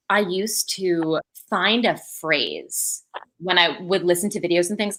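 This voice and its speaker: A woman's voice: lowish voice, pushed and bright. A woman, an associate director, chatting casually in an online video, with many fillers and laughs. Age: adult.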